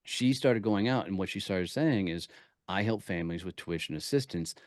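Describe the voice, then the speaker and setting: A man talking as a podcast guest, telling energetic stories with punchy emphasis. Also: low voice, moderate pace, dry recording, clean studio sound. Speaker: podcast guest, networking speaker. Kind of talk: casual interview talk.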